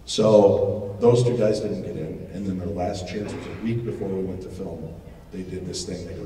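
A middle-aged man telling animated, joking stories to a live audience as a paranormal TV host, with loud outbursts. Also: low voice, normal speed. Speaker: paranormal TV host giving a lecture. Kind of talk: storytelling talk to a live audience. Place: large expo hall. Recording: echoey hall, distant mic, noisy.

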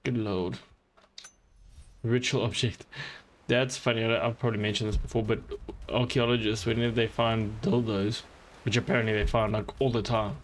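A man's voice: lowish voice, a little hiss or hum. A man streaming a game, chatting casually in a joking, rambling way and swearing often. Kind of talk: casual gameplay commentary.

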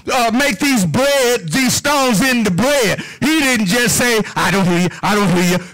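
High-voiced preacher man, rhythmic sermon. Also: fairly bright tone, low-quality recording. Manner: rhythmic, call-and-response preaching.

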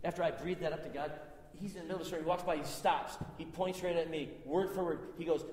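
A man in his sixties, a guest pastor, preaching a sermon and telling his personal story in an animated way, with sudden swings between loud and soft. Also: a little high, fast, big-room sound. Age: 60s. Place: church sanctuary.

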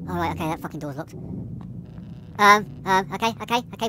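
Panicky swearing woman gamer, high and lively. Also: takes it slowly, pauses often. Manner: panicky, swearing, nervous laughter. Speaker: gamer playing a horror game. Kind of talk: let's play commentary. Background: game music.

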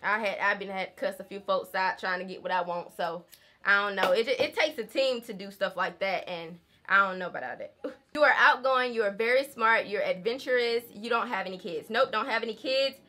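A young woman from the rural Southern United States, with a Southern American accent, chats candidly to camera in a home vlog, laughing often and saying y'all. Her medium-pitched voice is bright and forceful, a little fast.

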